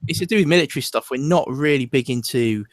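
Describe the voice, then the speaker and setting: A man chatting as a podcast co-host, laying out his point in a calm, measured way. His mid-pitched voice sounds dry and close to the mic. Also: dry recording. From Britain. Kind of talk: casual chat on a live stream.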